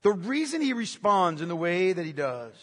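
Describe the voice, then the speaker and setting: Emphatic high-voiced pastor preaching. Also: male voice, very animated, moderate pace, long reverb tail. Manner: emphatic, repeats key phrases, asks rhetorical questions. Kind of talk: sermon.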